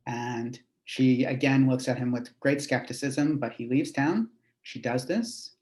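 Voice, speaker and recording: A man's voice: mid-range voice, measured pace, a little mellow. A man, a rabbi, telling a teaching story in a conversational way with fillers and asides. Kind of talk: storytelling lesson.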